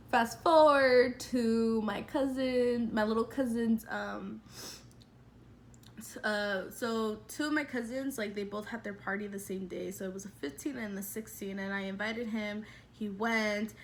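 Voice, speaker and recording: A woman in her twenties, a vlogger telling a personal story in a chatty, animated way with lots of fillers. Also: fairly high pitch, slight background noise. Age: 20s. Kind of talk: casual storytelling.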